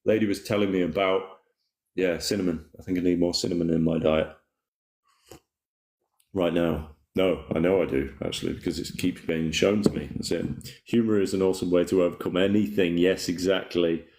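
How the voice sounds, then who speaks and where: A man with a low, deep voice chats at a relaxed pace on a live stream, rambling and reading out viewer comments. His voice rings around an echoey room. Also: a little fast. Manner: rambling, laid-back, reads chat comments aloud. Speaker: livestream host. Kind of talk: casual spiritual livestream chat.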